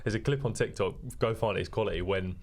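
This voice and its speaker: A young man presenting a casual football chat, a lively storyteller who laughs often. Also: lowish voice, fast, a little hiss or hum. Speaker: podcast presenter.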